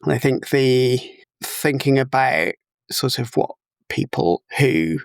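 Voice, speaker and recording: A man's voice: medium pitch, animated, takes it slowly, gravelly, clear, resonant tone, dry recording. A man taking part as a guest in a casual podcast chat over a video call, explaining things step by step with many fillers. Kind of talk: casual technical discussion. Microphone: remote video call.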